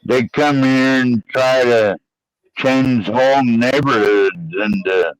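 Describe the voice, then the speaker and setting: Male panel caller, mid pitch, slow and blunt, dry sound. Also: dry recording, poor audio. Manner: slow, blunt, profane opinions. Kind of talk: casual panel chat.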